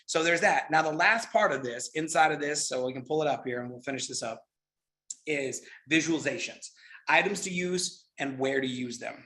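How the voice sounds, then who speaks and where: Man, middle-aged, motivational trainer, bright tone, energetic, repetitive. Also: on the high side, normal speed. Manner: energetic, repetitive, says "right?" often. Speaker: network marketing trainer.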